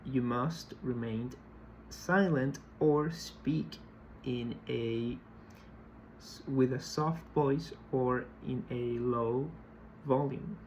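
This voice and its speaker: A male lecturer explaining a concept in a recorded class, speaking in a slow, measured way and often repeating himself mid-sentence. His pitch sits in an ordinary middle range. Faint ambient noise hums behind him. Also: steady tone, a little mellow, rough recording. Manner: slow, deliberate, repeats words while explaining. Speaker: university lecturer.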